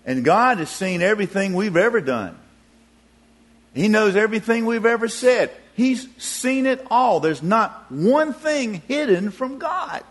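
A man preaching a sermon, telling a story in a folksy, expressive way. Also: high-pitched.

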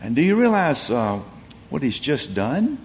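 A man's voice: medium pitch, very animated, unhurried, slight background noise. A man preaching a sermon in a conversational, storytelling way, with frequent restarts.

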